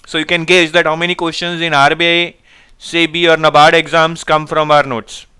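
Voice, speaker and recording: A high-voiced man teaches a live online class. His tone is bright and clean, close to the mic. He keeps calling on viewers to answer and reads their replies out. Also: normal speed, clear, resonant tone. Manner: energetic, coaxing viewers to answer. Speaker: online exam-prep teacher.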